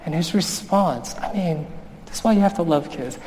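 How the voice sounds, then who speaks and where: A man's voice: fairly high pitch, moderate pace. Man preaching in a reverberant church. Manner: conversational preaching with animated personal storytelling. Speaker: pastor. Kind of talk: sermon. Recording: long hall reverb.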